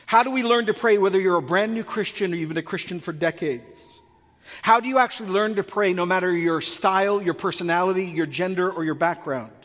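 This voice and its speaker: A male pastor from North America preaching a sermon, acting out comic dialogues in an animated way. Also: sits high, fairly quick, big-room sound.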